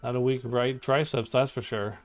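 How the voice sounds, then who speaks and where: A man's voice: medium pitch, steady tone, normal speed. A young man giving chatty, giggly commentary while streaming a game and reading choices aloud. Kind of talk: casual gaming commentary.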